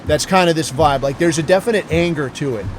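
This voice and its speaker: A man's voice: fairly high pitch, fast, a little hiss or hum. A middle-aged man hosting a podcast, talking bluntly in a casual monologue full of swearing and self-questioning. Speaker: podcast host.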